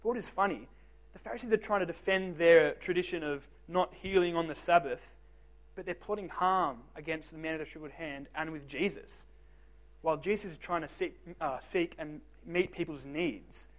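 A man's voice: on the high side, normal speed. A young man giving a casual youth group talk, joking and self-deprecating, asking the teens direct questions. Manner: talks straight to the teens with questions.

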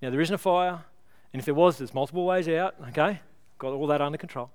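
A man's voice: on the high side, clean tone. A man preaching a sermon at a church service, earnest and pleading, leading the congregation in prayer. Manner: earnest, pleading, builds with illustrations then slows to prayer. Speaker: pastor.

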